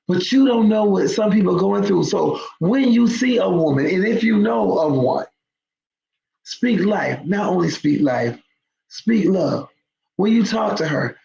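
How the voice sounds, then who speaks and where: Host: woman with a gravelly edge, emphatic storyteller, roomy dull lo-fi recording. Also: medium pitch, a little mellow, slight background noise. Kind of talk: storytelling talk to viewers.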